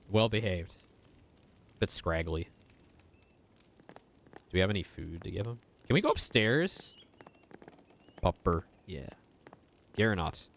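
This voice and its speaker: Deep-voiced male gaming streamer. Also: a little hiss or hum. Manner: chatty, swears freely. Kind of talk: casual gaming commentary.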